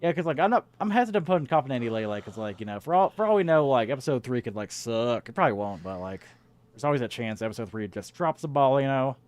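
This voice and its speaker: A man's voice: mid-range voice, lively intonation, quick pace. A man co-hosting a casual chat about games, rambling with lots of filler words and the odd swear. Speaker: podcast co-host.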